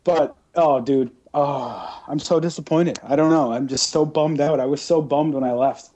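Mellow-voiced man ranting in casual chat. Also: on the high side, normal speed. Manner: animated, ranting, breaks into mocking impressions. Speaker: podcast co-host.

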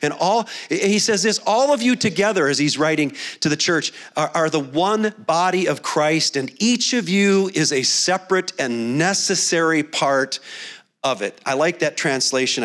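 A man's voice: fairly high pitch, a bit bright. A middle-aged man preaching a sermon in a conversational, storytelling way, often restarting phrases. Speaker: pastor.

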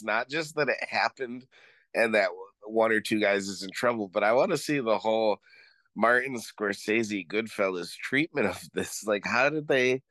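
A man's voice: lowish voice, no room sound. Sarcastic man, dry close sound. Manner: animated, sarcastic, hesitant restarts. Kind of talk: casual podcast chat.

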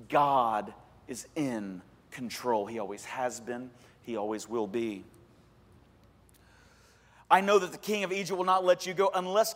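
A man preaching a sermon as a pastor, animated, with joking asides and sudden loud emphasis. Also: high-pitched, vocal fry, in a large hall.

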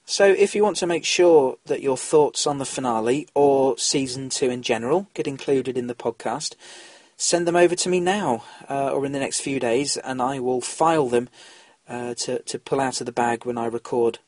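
An easygoing man hosts a fan podcast in a relaxed, slightly apologetic tone. His mid-pitched voice is recorded dry, with no room sound behind it. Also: dry recording. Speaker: podcast host. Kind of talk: casual podcast talk.

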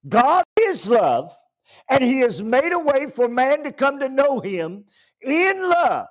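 A male pastor preaching a sermon in a church, swinging between loud bursts and quiet asides. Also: very high-pitched, sing-song, takes it slowly.

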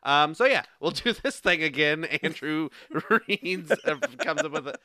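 A man's voice: on the high side, very animated, measured pace, creaky, bright, forceful tone, no room sound. A man casually retelling a movie plot in a rambling, playful way, with frequent laughs and filler words.

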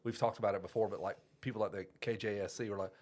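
A man's voice: on the low side, steady tone, very fast, darkish tone. A man in casual podcast chat, rambling through memories, laughing often and swearing casually.

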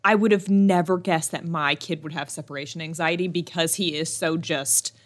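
A young woman co-hosting a podcast, telling stories in a casual, animated way with lots of laughter. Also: deep voice, normal speed. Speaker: podcast co-host. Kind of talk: casual chat.

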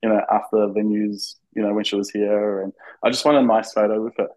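A man's voice: on the low side, flat delivery, fairly quick, a little mellow, low-quality recording. An Australian man, a podcast guest, telling an eager, nervous story with lots of fillers and restarts. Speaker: interview guest, fan. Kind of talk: casual storytelling in a podcast interview.

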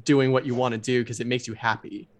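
A man in a casual podcast chat, relaxed and chiming in with agreement. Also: medium pitch, fast.

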